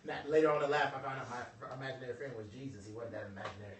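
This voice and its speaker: A man giving a joking, animated motivational workshop talk to a group. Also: medium pitch, rapid-fire, far from the mic, noisy background. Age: adult over twenty-five. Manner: animated, joking, preacher-like delivery. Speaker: motivational speaker. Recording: echoey room, voice from afar.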